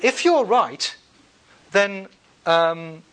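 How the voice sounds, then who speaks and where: A man giving a classroom lecture, thinking aloud with many fillers and restarts, wry and relaxed. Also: high-pitched, drawn-out words.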